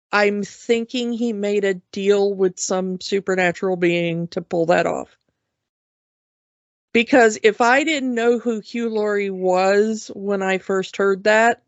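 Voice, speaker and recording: A woman co-hosting a podcast, telling stories in a chatty, unhurried way with fillers. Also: mid-range voice, dry recording. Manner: chatty, drawn-out storytelling with fillers. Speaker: podcast co-host. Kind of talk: casual podcast chat. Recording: dull lo-fi podcast mic.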